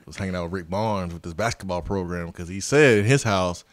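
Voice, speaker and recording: A man's voice: low voice, a little fast, no echo. A man co-hosting a casual sports talk show, goofy and drawling. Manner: goofy, laughs easily, drawling. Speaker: sports radio co-host.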